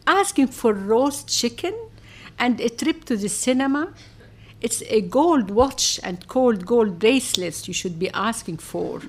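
A sharp-tongued young friend, played by a woman narrator, mocks in a raised, scornful tone. She sounds teasing and quick, as voiced in an audiobook. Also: fairly high pitch, animated, voice pushed up. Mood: mocking.

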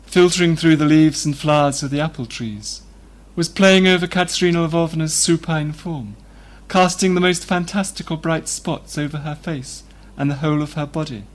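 Male reader, slightly high-pitched, steady literary narration. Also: normal speed, hardly any pauses. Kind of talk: reading a novel aloud.

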